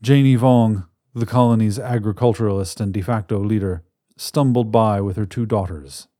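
A man in scripted narration of a science fiction story, telling it in a measured, dramatic way on a close mic. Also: on the low side, warm tone, no echo.

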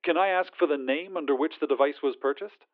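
A man's voice: fairly high pitch, fast talker. A man doing a syrupy cheerful phone agent. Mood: sweetly insistent. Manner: syrupy customer-service politeness. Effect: phone filter. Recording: tinny phone line.

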